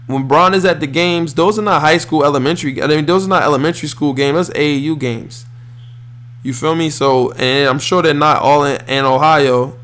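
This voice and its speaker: A young man, hosting a podcast with rambling, slangy, animated sports talk. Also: a little high. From northern New Jersey. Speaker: podcast host.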